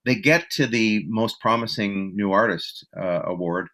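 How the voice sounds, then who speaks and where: A man's voice: lowish voice, measured pace, pushed and bright. A man being interviewed as a musician, telling stories in a casual, rambling way with many fillers, restarts and self-deprecating asides.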